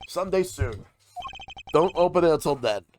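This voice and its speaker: A man's voice: on the high side, lively intonation, normal speed, background noise. A man streaming a visual novel game, reading the dialogue aloud and voicing each character, with casual asides.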